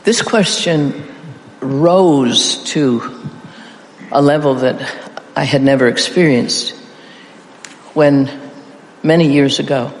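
Man, middle-aged, preacher, slow and deliberate, fairly high gravelly voice, playful call-and-response, echoey hall. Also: slight background noise. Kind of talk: interactive sermon. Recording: echoey hall with faint ambience.

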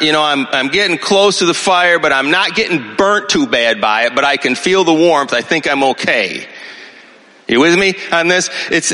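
A man in his sixties preaching a sermon, telling a personal story in a conversational, animated way and checking in with his listeners. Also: medium pitch. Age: 60s. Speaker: pastor. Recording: long hall reverb.

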